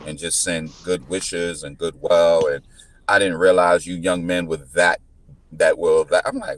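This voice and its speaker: A man in his thirties telling a story in casual chat, full of restarts, whose pitch jumps up when he quotes people. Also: unhurried, dry recording. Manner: animated, repetitive restarts, jumps into high pitch when quoting. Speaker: podcast guest.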